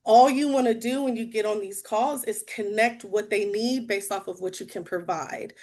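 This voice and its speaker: A woman's voice: mid-range voice, moderate pace, a little mellow. A woman guest speaker giving a bubbly, chatty sales-training talk over a video call.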